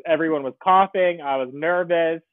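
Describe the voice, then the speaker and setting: A man as a podcast guest, telling a story in an animated, casual way and laughing often. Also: a little high, moderate pace, dry recording. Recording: tinny phone-like line, dry.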